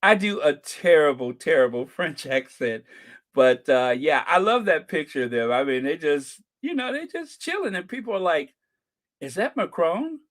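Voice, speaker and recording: Chatty high-voiced man hosting a live stream. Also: big pitch swings, moderate pace, a bit bright. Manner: chatty, thanks viewers by name, chuckles. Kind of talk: casual live-stream commentary.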